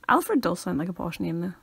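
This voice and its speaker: A woman's voice: on the low side, gravelly, a bit bright, husky, no room sound. A young woman co-hosting a podcast in casual chat, wry and teasing, laughing a lot. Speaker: podcast co-host.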